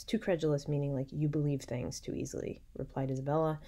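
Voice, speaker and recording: A young woman lecturer reading a classic novel aloud, stopping to paraphrase the lines in casual, slangy asides and whispering quick side remarks. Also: low voice, level tone, warm tone. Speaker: literature lecturer.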